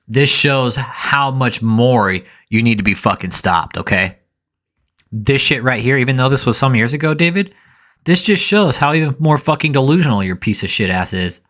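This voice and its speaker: A man's voice: mid-range voice, a bit bright. A man giving live reaction commentary in an angry, profane rant.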